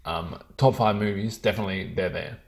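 A man with a fairly low voice chatting loosely to his viewers. He rambles, swears freely and leans on fillers like "um" and "you know." He talks in a relaxed, offhand way. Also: a little fast, slight background noise. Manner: rambling, profane, with filler words. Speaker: vlogger. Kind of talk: casual chat to viewers.

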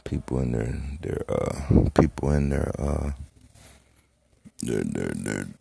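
A man's voice: a bass voice, expressive, slow pace, gravelly, dark tone, breathy edge, dry recording. A man hosting his own podcast, talking in a loose, rambling, profane way with lots of fillers. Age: adult, has a daughter. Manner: rambling, profane, laid-back. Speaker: podcast host. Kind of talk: casual solo podcast talk.

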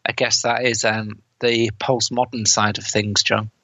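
Husky man retelling a film plot. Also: lowish voice, flat delivery, a little slow, sharp tone, dry recording. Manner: laughs often while recounting scenes, quotes lines in put-on voices. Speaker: podcast co-host reviewing a film. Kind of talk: casual chat, retelling a plot. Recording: dull, dry close mic.

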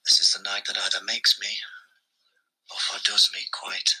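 Brief: sly scheming male soldier read by an amateur, lively swoops, very bright, husky edge. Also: medium pitch, moderate pace, exaggerated voice, low-quality recording. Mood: hushed scheming. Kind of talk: amateur Shakespeare reading.

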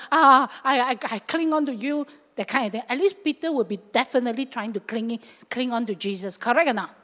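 A woman pastor preaches with lively, animated delivery, often dropping into little acted-out voices and local fillers. Her voice sits a bit high, and it rings with the long reverb of a large hall. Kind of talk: sermon.

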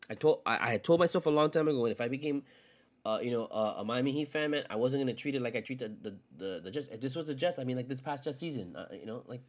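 A man delivers a solo sports podcast rant at a middling pitch, full of swearing. He swings between loud, heated outbursts and low, grumbling asides. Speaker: podcast host.

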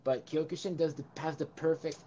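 Rambling podcast host on lo-fi audio. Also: male voice, fairly high pitch, steady tone, fairly quick, mellow, a little hiss or hum. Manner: rambling, many fillers and restarts. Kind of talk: casual podcast chat.

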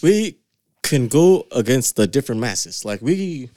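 Brief: young man co-hosting a podcast, lively swinging pitch, crude joking banter, dry close mic. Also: measured pace, no room sound. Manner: animated, joking, swears a lot, breaks into laughs. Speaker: podcast co-host.

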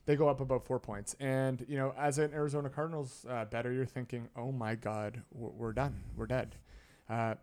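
A man's voice: medium pitch, normal speed. A man co-hosting a sports betting podcast, telling stories in casual banter and acting out movie scenes. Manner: storytelling, animated retellings of movie scenes. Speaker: podcast co-host.

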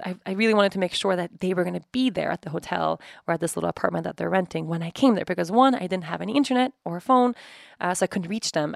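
A woman in her thirties tells a personal story in a chatty, lively way, slipping into her own remembered thoughts as she goes. Her mid-pitched voice carries a gravelly fry. The sound is close and dry, with no room around it. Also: dry recording. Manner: chatty, animated retelling with quoted inner thoughts. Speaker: podcast host.

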